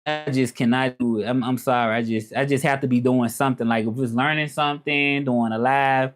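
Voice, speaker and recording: A man chatting casually on a live stream, relaxed and rambling, often asking "you know what I'm saying". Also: mid-range voice, fairly quick.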